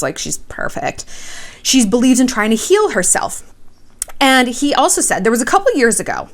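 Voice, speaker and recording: A woman's voice: medium pitch, a bit bright. A young woman hosting her own vlog, giving celebrity gossip and relationship advice in a blunt, profane, sassy way. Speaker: vlogger host.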